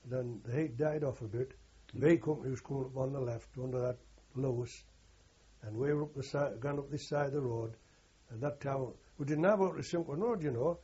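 An older war veteran rambles through a long oral-history story, rough and earthy, often pausing to correct himself. His dark, very husky voice sits in the mid-range and moves fairly quickly. The recording sounds dull and lo-fi.

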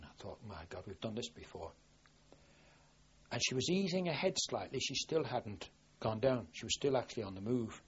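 Husky older man recounting wartime memories. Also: mid-range voice, dull audio. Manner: rambling with frequent restarts, lively when quoting himself. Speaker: war veteran recalling service. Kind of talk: oral history recollection.

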